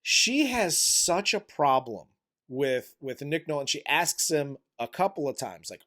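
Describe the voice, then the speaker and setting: A man talks movies in an animated, profane way. He acts out bits of scenes. His voice sits a touch high and swings through a lively range of pitch. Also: takes it slowly. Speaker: movie review podcast co-host. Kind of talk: casual chat.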